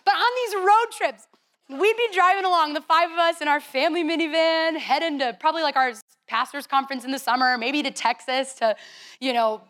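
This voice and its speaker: A young woman youth leader telling a lively, chatty story to a youth group, playful and teasing. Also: high voice, brisk.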